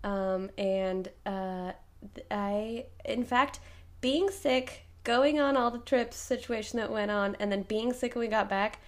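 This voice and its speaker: A woman in her thirties with a mid-range voice speaks at a measured pace while co-hosting a podcast. She's shaking off a cold, and the chat is casual, rambling, and full of laughter.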